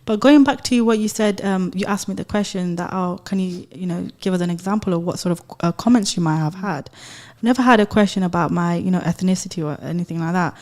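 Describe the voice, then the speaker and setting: Lower-voiced woman telling lively anecdotes. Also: fast, few pauses. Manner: animated anecdote telling, laughs often. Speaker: guest, engineer in construction. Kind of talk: casual radio interview.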